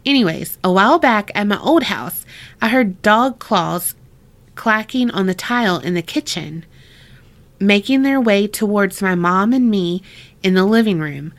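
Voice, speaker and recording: A woman's voice: mid-range voice, animated, a little slow, fairly bright tone. A woman co-hosting a casual podcast, reading listener stories aloud, laughing often and swearing freely. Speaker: podcast co-host.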